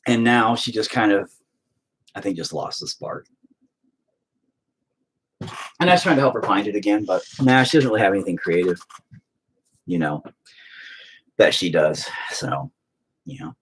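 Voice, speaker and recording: Chatting casually while he paints, a middle-aged host lets exasperation spill into profanity-heavy rants. He speaks at normal speed in a lowish, expressive voice, leaving long pauses.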